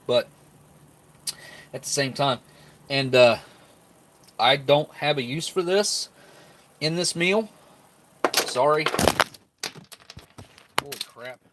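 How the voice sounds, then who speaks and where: A man's voice: mid-range voice, a bit bright. Easygoing man rambling through a tasting. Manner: rambling, talks while chewing; easygoing, laughs often. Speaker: live-stream food reviewer. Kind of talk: casual live-stream tasting chat.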